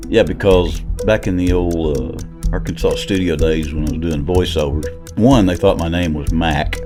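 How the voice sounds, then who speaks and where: A man's voice: sits low, moderate pace, over music. A man with a Southern US accent hosting a casual chat, rambling and joking, often laughing. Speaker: podcast host.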